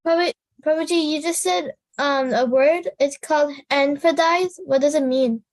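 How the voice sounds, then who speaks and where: High-pitched teen girl student, asks questions kinda hesitantly on a call. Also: moderate pace. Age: teenager. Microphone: video call.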